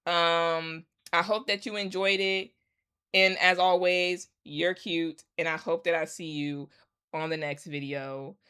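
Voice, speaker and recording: A woman's voice: on the low side, steady tone, a little slow, bright, forceful tone, clean tone. A woman vlogger ranting to her followers in a casual, emphatic and sarcastic way, repeating her points. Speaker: commentary vlogger. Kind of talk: casual rant to camera.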